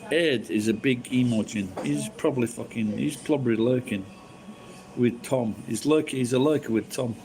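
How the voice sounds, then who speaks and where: A man's voice: mid-range voice, normal speed, darkish tone, rough recording. Drunk man rambling on a live stream. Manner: crude, swears a lot, rambling with restarts. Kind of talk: rambling casual chat.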